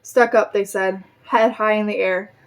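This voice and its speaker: Brief: woman, mid-pitched, plain unhurried read-aloud of a novel, the odd slip. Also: fairly even intonation. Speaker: reader.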